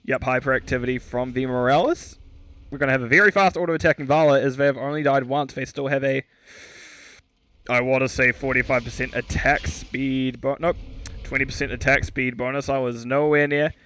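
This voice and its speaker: A man's voice: mid-range voice, steady tone, a little fast, fairly bright tone. A man giving solo esports commentary, chatty and self-mocking, stumbling over player names and correcting himself. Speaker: esports caster.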